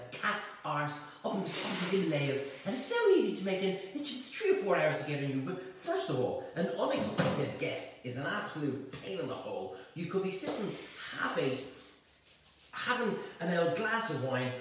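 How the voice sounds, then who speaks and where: Man, chef host, rambling jokey delivery, lively up-and-down voice, echoey room, mic far off. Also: a little high. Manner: rambling, joking storyteller with slangy asides. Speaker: chef and cooking show host. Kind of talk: live cook-along demonstration. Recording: echoey room, mic at a distance, faint noise.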